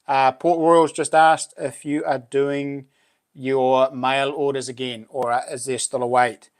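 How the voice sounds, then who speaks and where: A man hosting a casual livestream chat, laughing often and reacting excitedly to viewers. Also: mid-range voice, unhurried, clear, resonant tone. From New Zealand. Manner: chatty, laughs often, exclaims. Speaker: livestream host.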